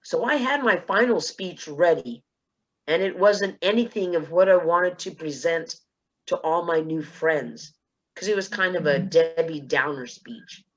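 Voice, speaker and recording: A woman from South Texas on a panel, telling a personal story in a lively way and acting out the dialogue. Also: on the low side, measured pace, muffled recording. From South Texas, USA. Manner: lively, acts out dialogue in quotes. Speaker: panelist, speech contest finalist.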